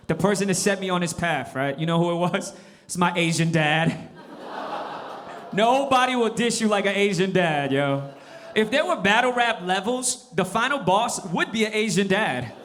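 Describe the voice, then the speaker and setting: Man in his forties, stand-up comic, animated, high voice, lively swings. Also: slight background noise. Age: 40s. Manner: animated, switches into impressions. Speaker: stand-up comedian. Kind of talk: stand-up comedy set.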